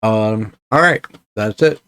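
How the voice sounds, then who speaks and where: A man's voice: lowish voice, slow, noisy background. A man playing a tabletop game, chatting casually and hesitantly, with jokes and trailing phrases. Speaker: player.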